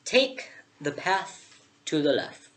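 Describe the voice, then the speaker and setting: A young woman voicing an aloof male caterpillar who speaks very slowly and curtly. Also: sits low, sing-song, full character voice. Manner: very slow and curt.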